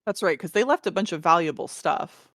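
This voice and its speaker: A woman's voice: fairly low pitch, animated, fairly quick, fairly bright tone, no room sound, studio quality. A woman playing a tabletop game, chatting casually and speaking for her character at times. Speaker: player.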